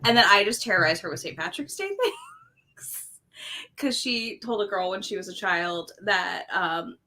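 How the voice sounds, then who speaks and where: A woman's voice: medium pitch, big pitch swings, a little slow, bright, forceful tone. A woman co-hosting a readathon stream, telling stories in casual chat with a giggly manner. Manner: giggly, storytelling. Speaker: readathon co-host.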